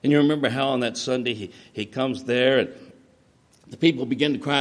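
Animated male preacher telling stories. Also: mid-range voice, a little fast. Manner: animated storytelling, acts out quoted voices, stammering restarts. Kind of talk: sermon.

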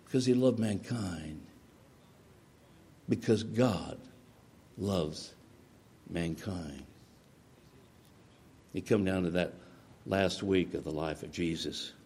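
A man preaching a sermon, retelling stories with lively acted-out voices and frequent stammered restarts. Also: low voice, moderate pace, breathy edge. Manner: animated storytelling, acts out quoted voices, stammering restarts.

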